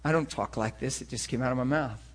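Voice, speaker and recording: A man preaching a sermon to a class, talking in an animated, conversational way. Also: medium pitch, quick pace.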